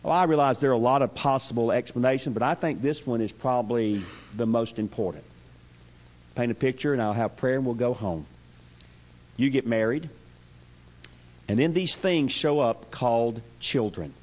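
A man's voice: medium pitch, normal speed, pauses often. A man preaching a humorous, storytelling sermon to a church congregation. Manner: storytelling, folksy, animated. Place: church service. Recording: dull lo-fi sound.

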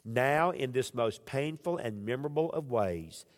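A man preaching a sermon as pastor. He moves between loud, raised emphasis and hushed, low passages. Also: expressive, unhurried, long reverb tail.

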